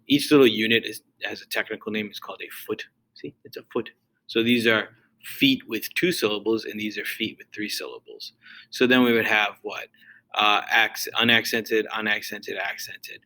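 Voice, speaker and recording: A man's voice: lowish voice, bright, forceful tone, poor audio. A male teacher giving a loose, casual recorded lesson, full of fillers and restarts.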